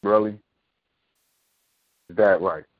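Slow and fairly even in intonation, this low-ish male voice belongs to a talk show host giving an impassioned, opinionated rant. He preaches, curses, and fires off sarcastic rhetorical questions, all captured in tinny, phone-like audio.

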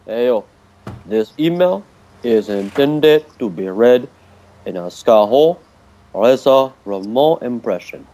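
A man's voice: medium pitch, expressive, slow, warm tone, voice pushed down. A man doing a cocky tough-guy wrestler. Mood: swaggering. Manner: cocky drawl, peppered with "hey yo". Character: swaggering tough-guy male wrestler persona. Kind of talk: reading a listener email in an impression.

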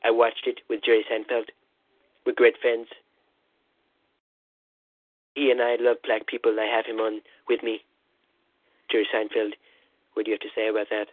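A man doing a comic impression of a rambling, boastful male president, calling in over a phone line with a husky voice. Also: fairly low pitch, monotone, normal speed, pauses often, no room sound, close to an everyday voice. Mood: blustering. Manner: rambling, repetitive "listen", boastful bluster. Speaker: comedy caller. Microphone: phone call-in. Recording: tinny phone line, dry.

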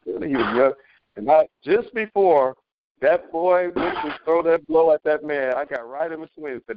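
A middle-aged man on a community call, telling a story as a testimony, animated, with many restarts. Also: fairly high pitch, moderate pace, no echo, lo-fi sound. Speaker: caller sharing a testimony. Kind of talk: casual spoken testimony.

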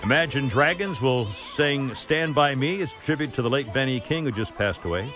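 A man's voice: mid-range voice, lively intonation, normal speed, music in the background. A man hosting a talk radio show, brash and joking, laughing often, speaking on a studio microphone.

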